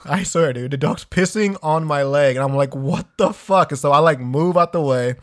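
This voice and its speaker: A man's voice: on the high side, normal speed. A man co-hosting a podcast, laid-back, rambling and swearing a lot, tossing in dude every few words. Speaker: podcast co-host. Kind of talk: casual podcast banter.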